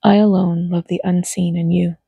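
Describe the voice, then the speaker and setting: Brief: reader doing a gentle teacher figure, soft and unhurried, gravelly, level delivery, dry close sound. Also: mid-range voice, level tone, no echo. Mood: tender. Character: gentle male teacher, calm and loving.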